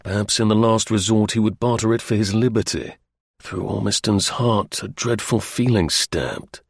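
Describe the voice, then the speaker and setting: Gravelly male audiobook narrator. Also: on the low side, no echo. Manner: measured storytelling. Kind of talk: scripted narration.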